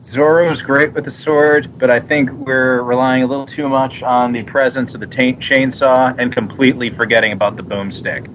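A man on a casual chat panel, talking in a measured way with many pauses. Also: medium pitch, fairly even intonation, fairly bright tone, a little hiss or hum, poor audio.

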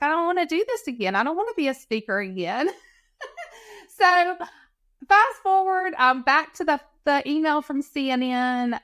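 Woman, higher voice, animated storyteller, quotes dialogue, dry close mic. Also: no echo. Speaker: podcast guest. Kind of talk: casual storytelling interview.

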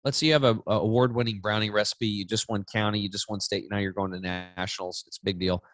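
A man in his forties, a podcast guest, chatting casually and telling stories with lively acted-out voices. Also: on the low side, quick pace. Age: 40s. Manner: animated storytelling, acting out voices. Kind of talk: casual chat.

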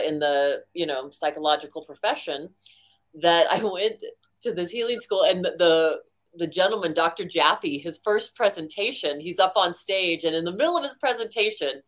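A woman in her forties speaks as an interview guest with a somewhat low, grounded voice. She tells her story earnestly and jumps up in pitch when she acts out what others said. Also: expressive, moderate pace, fairly bright tone. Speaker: guest, mental health professional.

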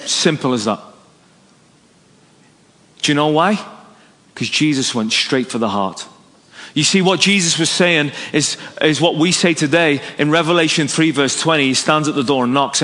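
Preacher in a reverberant hall. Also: male voice, a little high, normal speed, long pauses. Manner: animated, story-driven, acts out dialogue. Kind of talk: evangelistic sermon with storytelling.

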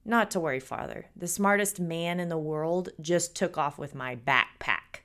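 A woman voicing a little boy who answers calmly and matter-of-factly in a joke. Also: lowish voice, unhurried, voice pushed down. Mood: deadpan. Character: cheeky little boy, sly and unbothered.

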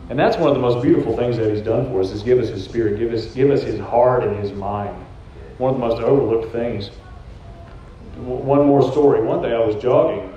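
A man shares a personal testimony in an earnest, conversational way. His voice is mellow and mid-pitched. The sound is very echoey and a bit dull, as if taken from a church room. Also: slight background noise. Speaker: church prophetic team leader sharing testimony. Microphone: handheld microphone.

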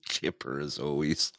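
A man's voice: a bass voice, no echo, studio quality. A man hosting a casual online radio talk show, rambling and teasing with frequent laughter. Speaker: host.

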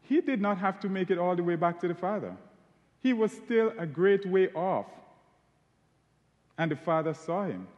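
A man delivers a sermon, slowing down and leaning hard on the words he wants to stress. His voice sits a little higher than most men's. The sound carries the long reverb of a large hall. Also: expressive, muffled recording. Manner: emphatic, stretching key words for stress. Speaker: preacher.

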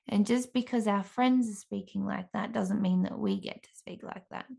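A woman who hosts a podcast, giving an earnest faith-based encouragement talk with frequent restarts and pauses. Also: mid-range voice, gravelly, a little mellow. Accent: Australian. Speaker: podcast host.

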